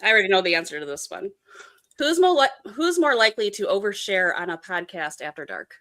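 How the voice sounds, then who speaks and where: A woman's voice: medium pitch, sing-song, fairly quick, a bit bright. A woman co-hosting a podcast in casual chat, playful and teasing with her guests. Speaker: podcast co-host.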